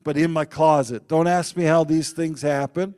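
A man preaching a sermon, telling personal stories in an animated way and acting out the quotes loudly. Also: fairly high pitch, normal speed.

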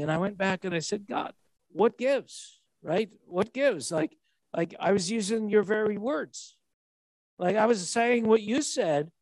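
Preacher, male, 60s, high voice, dry sound, conversational sermon delivery. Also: a little mellow, dry recording, rough recording. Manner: storytelling with laughs and repeated restarts.

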